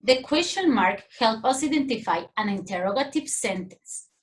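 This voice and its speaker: A woman with a Mexican accent teaching a grammar lesson to young children, in a clear, sing-song teacherly way. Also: a little high, lively intonation, normal speed.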